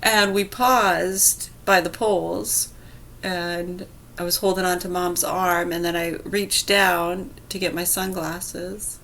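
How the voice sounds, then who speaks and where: A woman's voice: on the low side, slow, slight background noise. Chatty woman telling a story. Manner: chatty, laughing, animated retelling. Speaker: vlogger. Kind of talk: casual storytelling.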